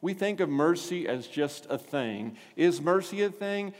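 Male pastor, sermon, fairly high voice, long hall reverb. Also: measured pace. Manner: animated, asks the congregation questions.

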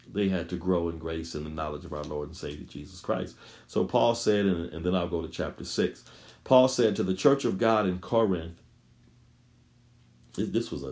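A male pastor delivering a sermon, his voice very low and gravelly. He preaches with emphasis, repeats his key lines, and leans hard on important words. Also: a little mellow.

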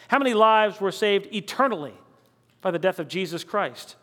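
A man delivers a sermon in a high, bright voice that rings out across a big room with a long reverb tail. He builds his points through rhetorical questions, slowing down to stress the key words. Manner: dramatic, rhetorical questions, slows for emphasis. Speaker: preacher.

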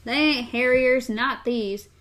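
A woman reading aloud, voicing a gaunt old farmer in gruff, rustic, old-fashioned speech. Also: on the high side, slow pace, a bit bright. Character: old gaunt rough-spoken farmer man.

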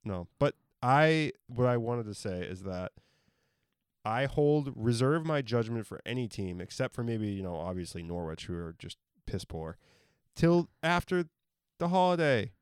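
Easygoing man with a smooth voice. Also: medium pitch, lively intonation, a little slow, no room sound, studio quality. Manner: easygoing, hedging, laughs often. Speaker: podcast co-host. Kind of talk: casual sports chat.

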